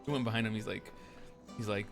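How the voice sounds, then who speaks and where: A man's voice: fairly low pitch, fairly even intonation, quick pace, gravelly, over music. A man telling a story in character during a roleplay game. He rambles, swears freely and acts out what others said. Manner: rambling, profane, acts out quotes. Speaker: roleplay player recounting events.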